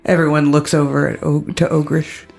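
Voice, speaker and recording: A woman playing a tabletop game, chatting playfully in and out of character with animated, giggly asides. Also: low-pitched, normal speed, creaky, reverberant, faint music behind.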